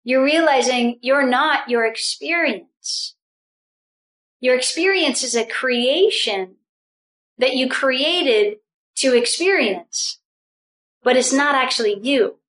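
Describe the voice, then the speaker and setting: A woman leading a spiritual group session, talking with animated energy, laughing often and restarting her phrases. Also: high voice, takes it slowly, rough recording.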